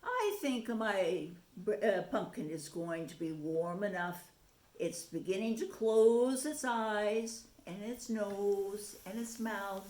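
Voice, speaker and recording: A woman voicing a small mouse who gently insists on staying in its pumpkin house, read slowly in a roomy space. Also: medium pitch, lively intonation. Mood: content. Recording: roomy echo.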